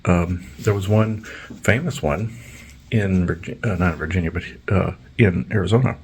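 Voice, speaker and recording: Speaking in a deep voice at a moderate pace, this man hosts a podcast full of long, rambling, blunt, and profane stories laced with fillers. It's casual storytelling, and a little hiss or hum sits in the background.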